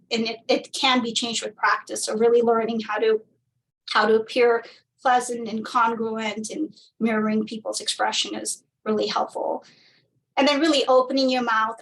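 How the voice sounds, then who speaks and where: A woman's voice: fairly high pitch, a bit bright. A woman physician giving an informal talk, speaking conversationally with many fillers and restarts. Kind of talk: informal presentation lecture. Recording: distant mic, faint background noise.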